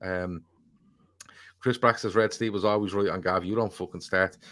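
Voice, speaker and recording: Lowish-voiced man, rambling banter. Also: steady tone, moderate pace, a bit bright. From Ireland. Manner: rambling, swears freely, jokey banter. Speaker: podcast co-host reading viewer comments. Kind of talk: casual chat.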